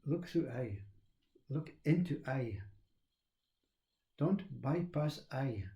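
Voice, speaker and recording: A man giving a slow, reflective spiritual talk on self-inquiry, repeating phrases as he teaches. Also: mid-range voice, expressive, warm tone, echoey room.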